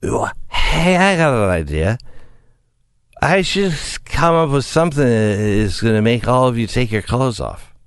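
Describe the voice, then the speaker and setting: A man's voice: mid-range voice, expressive, measured pace, smooth, no room sound, clean studio sound. A man putting on the voice of a drunk, slurring woman politician for a comedy bit. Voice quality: slurred, rambling.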